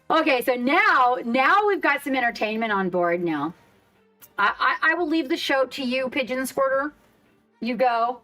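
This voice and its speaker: Woman streamer rambling to chat, cusses a lot, kinda high voice, soft music in the back. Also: very animated, normal speed. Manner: chatty, swears freely, reads chat aloud. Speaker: live stream host. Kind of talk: casual live stream chat.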